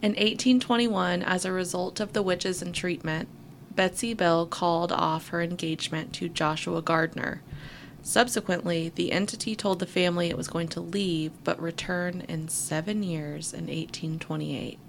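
A woman's voice: fairly low pitch, normal speed, vocal fry, slight background noise. A woman co-host reading a story aloud, breaking off now and then for wry asides. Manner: reads at an even pace with wry asides. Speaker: podcast co-host. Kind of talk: reading a story aloud between casual chat.

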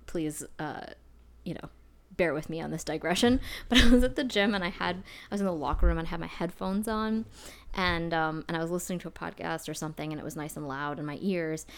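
A woman's voice: fairly low pitch, fairly quick. A woman co-hosting a podcast in casual chat, chatty and self-deprecating, laughing often. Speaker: podcast co-host.

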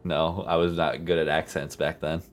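A man's voice: a bass voice, flat delivery, moderate pace, a little hiss or hum. A young man co-hosting a podcast in laid-back casual chat, often agreeing briefly. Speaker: podcast co-host.

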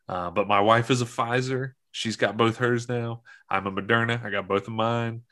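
A man's voice: on the low side, steady tone, moderate pace, few pauses, sharp tone. A young man co-hosting a casual podcast, joking around and slipping into mock-serious asides. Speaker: podcast co-host. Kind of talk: casual chat.

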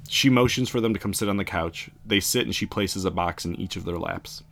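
A man casually retelling a spooky story in an animated way. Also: low voice, brisk, vocal fry. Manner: casual, animated, laughs along.

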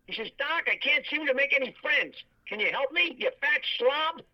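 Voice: high voice, animated, normal speed, bright, forceful tone, heavily acted. A toy joke machine's voice reciting one-liners and laughing at its own jokes. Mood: cackling. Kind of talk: canned joke playback.

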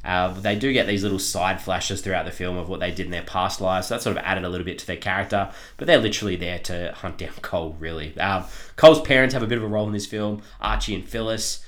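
Man, podcast co-host, casual film review, lowish voice, rambling with ums, laughs a lot. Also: quick pace, fairly bright tone.

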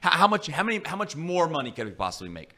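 A man's voice: fairly high pitch, sing-song, fast talker, pushed and bright. A man hosting a sports talk show in a studio, arguing his point and posing hypotheticals. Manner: argumentative, poses hypotheticals.

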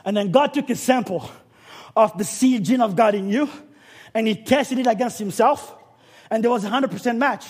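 A man preaching a sermon, with dramatic swings that build up to shouting. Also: extremely high pitch, moderate pace, breathy edge.

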